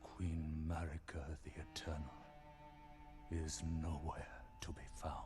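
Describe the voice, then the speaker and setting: A grave, aged narrator of legend for a game cutscene. He speaks very slowly in a hushed tone, sometimes sinking to a whisper. A swell of orchestral music plays clearly behind him. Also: level tone. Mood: solemn. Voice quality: low, slow and hushed, at times whispering. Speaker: opening narrator of a fantasy game.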